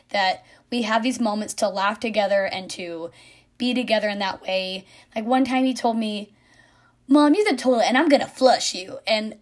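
A woman, likely in her thirties, speaking earnestly and warmly as a mother reflecting on her son, at times dropping to a soft whisper. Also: a little high. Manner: earnest, heartfelt, soft-spoken with quiet whispered asides. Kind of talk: personal reflective monologue.

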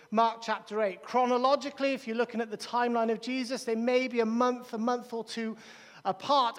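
A man preaching a sermon in a church, emphatic and repeating key phrases, with quick restarts. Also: very high-pitched. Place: large church hall. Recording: long reverb of a large church hall.

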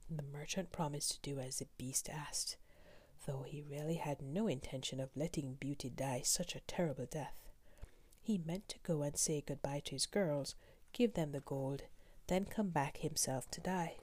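A woman reading a fairy tale aloud in a soft, slow whisper. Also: low-pitched, breathy edge. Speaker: storyteller. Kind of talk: whispered storytelling.

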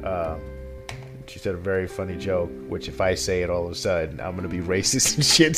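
A man's voice: low voice, fairly quick, soft background music. Rambling, cursing male podcast co-host. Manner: rambling, swears and laughs a lot. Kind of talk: casual chat.

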